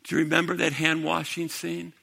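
A man preaching a sermon to a congregation, dramatic, swinging from loud to hushed. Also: fairly high pitch, monotone, brisk, vocal fry, breathy edge. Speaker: pastor. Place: church sanctuary. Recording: long hall reverb.

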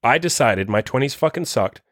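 A man's voice: mid-range voice, lively intonation, moderate pace, no echo, studio quality. A man in his thirties hosting a dating-coach podcast, giving a blunt, profane motivational rant. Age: 30s. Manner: profane, forceful, rambling.

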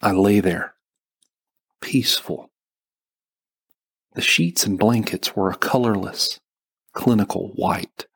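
A man narrating a first-person novel as an audiobook, slow and measured. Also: low voice, creaky, fairly bright tone, slightly rough.

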